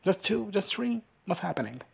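Casual comic recap host, profane and chatty, husky middling voice. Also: mid-range voice, sing-song, normal speed. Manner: chatty, profane, laughs often. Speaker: reaction vlogger.

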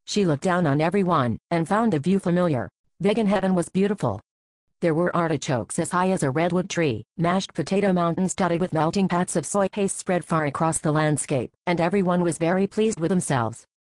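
Low-ish woman's voice, deadpan story narration, dry close sound. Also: brisk, no echo, rough recording. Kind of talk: scripted narration.

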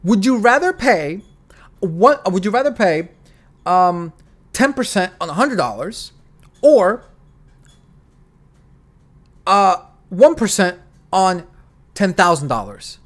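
A man hosting a casual finance podcast, talking in an animated, emphatic way and often repeating his phrases. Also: high voice, slow pace, long pauses. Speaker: show host.

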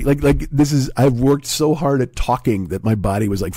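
A man in his forties with a hoarse, sick voice, rambling and swearing through a casual podcast monologue at home. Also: on the low side, normal speed, few pauses, mellow, no echo. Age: 40s. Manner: profane, rambling, self-deprecating. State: hoarse, sick with a sore throat. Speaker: comedy podcast host.

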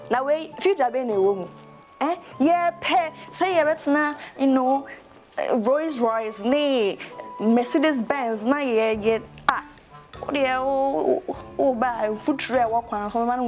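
A woman's voice: high voice, measured pace, faint music behind. A young woman with a Ghanaian accent playing a chatty young woman in a comic web series monologue, gossiping in a mix of English and pidgin.

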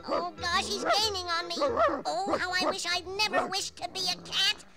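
A man voicing a cheeky, excitable little male cartoon woodpecker with a high, squeaky voice, on a vintage children's storybook record. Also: moderate pace. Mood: flustered. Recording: vintage record with loud music bed.

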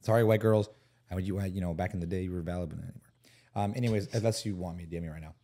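Podcast guest, man from Tunisia, husky, quick and slangy, jokey. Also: low-pitched, warm tone. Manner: joking, rambling, slangy. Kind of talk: casual chat.

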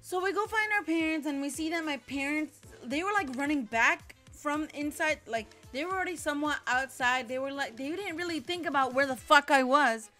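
A woman's voice: high voice, a little fast, few pauses, pushed and bright, soft background music. A young woman telling a casual story from her childhood, rambling with lots of fillers and frequent swearing. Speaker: storytime vlogger.

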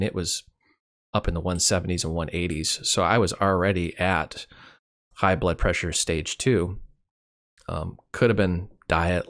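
A middle-aged man with a very low voice talks through his year in a loose, wry, rambling way, peppered with fillers. He sounds winded and worn out, pausing as if short of breath. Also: creaky. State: winded, tired. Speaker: channel host. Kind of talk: casual personal year-in-review.

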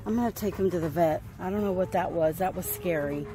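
A woman's voice: fairly low pitch, quick pace, mellow, low-quality recording. A woman, chatting casually on a phone vlog about her dog, laughing often. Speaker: dog owner vlogger. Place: car, then vet clinic.

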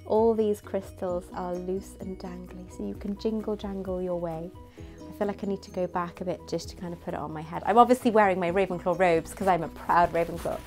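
A young woman chatting casually and gushing as she reviews a replica tiara, giggly and animated. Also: lowish voice, fairly quick, faint music behind. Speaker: vlogger reviewing a prop replica. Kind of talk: casual product review chat.

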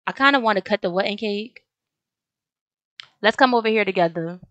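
Young woman, game commentary, casual slangy chatter to viewers, dry close sound, mid-pitched voice. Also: moderate pace, a bit bright, no echo, dull audio. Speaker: gaming video host.

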